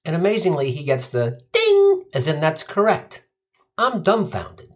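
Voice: mid-range voice, wildly swooping pitch, unhurried. A comedian telling a profane, sardonic stand-up story. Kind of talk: stand-up routine.

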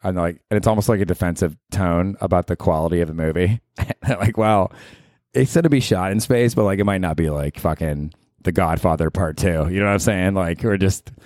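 A man's voice: low voice, brisk, darkish tone, dry recording, clean studio sound. A man hosting a casual comedy podcast on his own, talking in a sarcastic, profane and rambling way. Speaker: podcast host.

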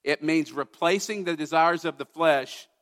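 A man's voice: a little high, normal speed, a bit bright, big-room sound. A man preaching a sermon as pastor, earnest and conversational, with personal asides to the congregation. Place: church sanctuary.

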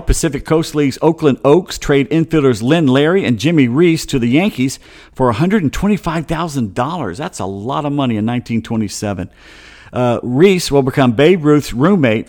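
A man's voice: medium pitch, lively intonation, moderate pace, darkish tone. A man hosting a casual sports talk show, rambling through stories with wry, chatty asides.

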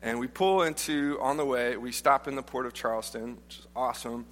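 A man's voice: medium pitch, a little fast, fairly bright tone. A man preaching a casual, joking sermon built on personal stories, often restarting his sentences. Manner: humorous, informal, frequent restarts. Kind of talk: conversational sermon with storytelling. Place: church auditorium. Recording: long reverb of a large church hall.

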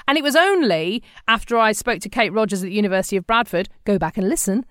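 A middle-aged woman hosting a podcast, telling candid stories in a lively, conversational way. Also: fairly high pitch, quick pace, hardly any pauses, no echo, studio quality. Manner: candid, animated storytelling with quoted voices. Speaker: podcast host.

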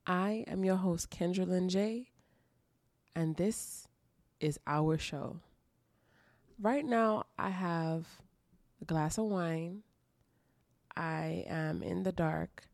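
Gravelly and a little mellow, a woman's fairly low voice moves slowly with frequent pauses, with no room sound in the recording. Hosting her own podcast from a dark room at home, she delivers an earnest, emotional, confessional monologue, repeating phrases for emphasis.

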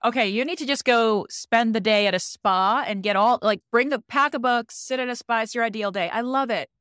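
A woman's voice: a little high, brisk, fairly bright tone, clean tone, dry recording, studio quality. A woman hosting a podcast, asking questions in an upbeat, encouraging way. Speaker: podcast host. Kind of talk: podcast interview.

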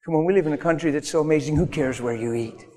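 A man preaching a sermon to his congregation, animated and acting out little scenes in different voices. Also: on the high side, fast talker. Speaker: pastor. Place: church hall. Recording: long hall reverb.

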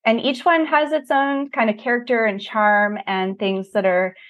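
A woman's voice: a little high, steady tone, normal speed, lo-fi sound. A woman speaking as an enthusiastic guest in a casual interview chat, describing things in an upbeat way. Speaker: guest, ski resort expert.

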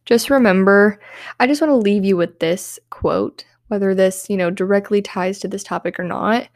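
A young woman speaks in an earnest, heartfelt monologue for her self-help podcast, her voice tearful and near to crying. Her pitch sits mid-range, and the close, dry recording carries no room sound. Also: moderate pace, a little mellow, no echo. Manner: earnest, heartfelt, uses "like" often. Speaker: podcast host.

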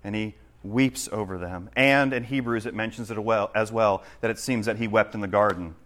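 A man preaching a sermon, swinging between loud, urgent questions and hushed explanation. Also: lowish voice, normal speed. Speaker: pastor.

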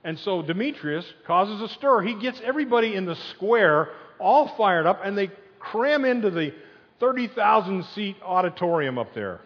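A man preaching a sermon as pastor, telling the story in a lively, conversational way and leading the crowd in chants. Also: sits high, normal speed. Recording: dull sound in a long-echo hall.

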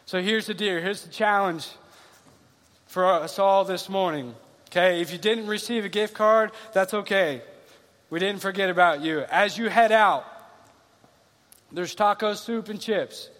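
A man's voice: sits high, unhurried, fairly bright tone. A man preaching a sermon in an earnest, conversational way, repeating key phrases, in a large room with bleachers. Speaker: pastor. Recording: long hall reverb.

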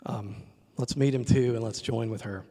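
Guy preaching, chatty storytelling sermon, acts out the quotes, medium pitch. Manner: conversational, animated retelling with acted quotes; prayerful, soft and slow. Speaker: pastor.

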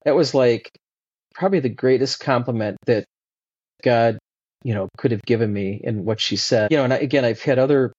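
A man talking as a podcast guest in a casual, animated way, with many fillers and restarts. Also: mid-range voice, fairly quick, slightly rough, no room sound. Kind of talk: casual conversational interview. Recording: dull lo-fi dry sound.

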